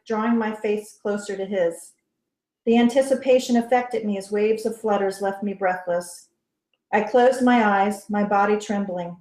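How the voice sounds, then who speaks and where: A woman author reading her first-person novel aloud in soft, measured narration. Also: mid-range voice. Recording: roomy echo.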